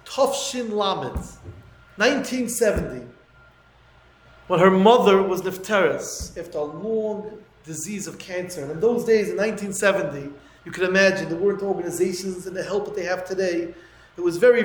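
A man telling a moving story in a talk, growing dramatic and loud at its peaks. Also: high voice, normal speed, roomy sound, poor audio. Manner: dramatic, rising to near-shouting at emotional peaks.

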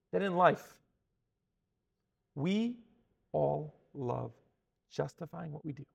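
A man giving an animated Torah sermon. He acts out the people he quotes and often restarts his words. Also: fairly high pitch, gravelly, husky. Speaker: Torah teacher.

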